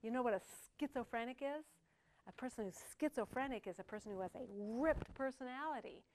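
A woman's voice: a little high, fairly quick, a little mellow. Older woman preacher, conversational sermon with humorous asides. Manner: conversational, joking asides to the congregation.

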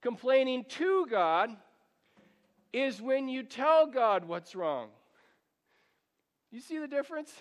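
High-voiced preaching man in a reverberant hall. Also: big pitch swings, slow, long pauses. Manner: earnest preaching, pleads with the congregation. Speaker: pastor. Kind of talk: sermon.

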